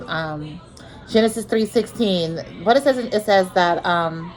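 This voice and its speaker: A rough recording captures a woman's lowish voice as she shares a personal story for her vlog. Her telling is earnest but repetitive, full of restarts and filler words.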